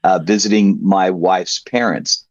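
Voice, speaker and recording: A low-voiced Australian man on a video call, his accent worn toward American by years abroad. He tells his story in an easy, relaxed way and laughs lightly as he talks. The sound is dry and a little muffled, as video-call audio often is. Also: measured pace, no room sound. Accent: Australian, softened toward American. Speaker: interview guest. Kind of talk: casual interview over a video call.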